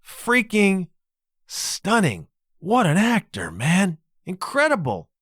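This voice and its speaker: A man hosting a solo podcast, his slightly high voice swinging up and down a great deal as he presses his points. He talks emphatically in a casual way, often checking in with the listener, recorded close and dry with no room sound. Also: wildly swooping pitch, takes it slowly, a bit bright, slightly rough, no room sound. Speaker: podcast host.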